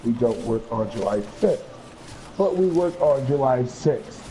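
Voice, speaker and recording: A man's voice: mid-range voice, animated, measured pace, warm tone, slight background noise, poor audio. A man chatting casually with a friend over voice chat, laid-back and swearing freely.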